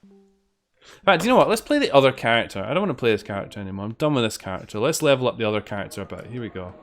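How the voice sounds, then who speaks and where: This British streamer talks in a racing, sing-song, mid-range voice while gaming. Casual commentary fills the clip, laced with plenty of swearing and sarcastic back-and-forth with his chat.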